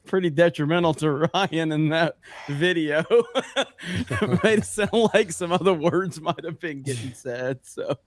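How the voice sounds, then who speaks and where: A man's voice: a little high, a little slow, dry recording. Joking male stream host, dry sound. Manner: laughing, joking banter. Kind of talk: casual live-stream chat.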